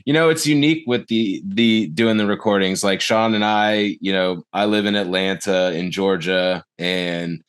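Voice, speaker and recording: A man's voice: low-pitched, fairly even intonation, normal speed, hardly any pauses, clear, resonant tone. A man hosting a podcast in casual, rambling, upbeat talk. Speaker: co-host.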